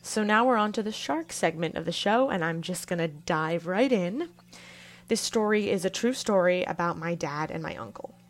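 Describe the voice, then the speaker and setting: A young woman hosting her own podcast, telling a family story in a casual, lively way. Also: fairly low pitch, moderate pace. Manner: casual, animated storytelling with laughs. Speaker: podcast host.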